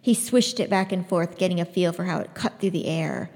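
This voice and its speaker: Expressive woman podcast host reading aloud. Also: fairly low pitch, a little fast, creaky. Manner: expressive storytelling. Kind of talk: book review and reading aloud. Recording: long hall reverb.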